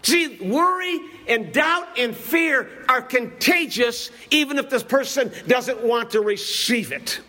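A male preacher with a strikingly high voice delivers an impassioned sermon in a church. His tone is bright and forceful, and he hammers points home with repetition and a rolling preaching cadence. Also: lively intonation, slow pace, few pauses. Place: church building.

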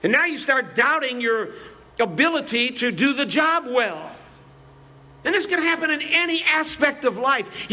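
A male preacher with a strikingly high voice delivers an impassioned sermon in a church. His tone is bright and forceful, and he hammers points home with repetition and a rolling preaching cadence. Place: church building.

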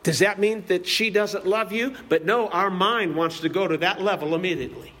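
Male pastor, very high pitch, impassioned sermon delivery in church, repetitive emphatic cadence. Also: normal speed, a bit bright. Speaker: preacher. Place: church building.

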